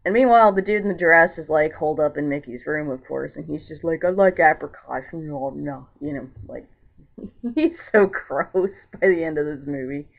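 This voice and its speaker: Rambling woman reviewing a film, gravelly. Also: sits low, lively intonation, moderate pace. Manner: rambling, filler-heavy retelling with lots of "like"; exasperated and indignant. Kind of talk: casual vlog movie review. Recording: tinny, phone-like lo-fi sound.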